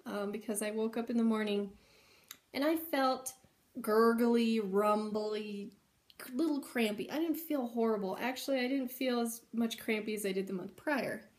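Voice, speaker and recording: A woman's voice: fairly high pitch, moderate pace, a little mellow. A young adult woman telling a personal story at home in an earnest, chatty way, full of "like" and "um". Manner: chatty, heavy use of "like" and "um"; earnest, emotional retelling. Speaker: vlogger sharing a personal story.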